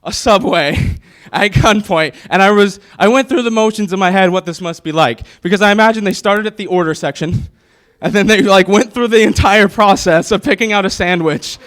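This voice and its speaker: A man's voice: high voice, normal speed, fairly bright tone. A man in his twenties doing a stand-up comedy set on stage before a live audience, nervous and rambling, with many fillers. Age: 20s.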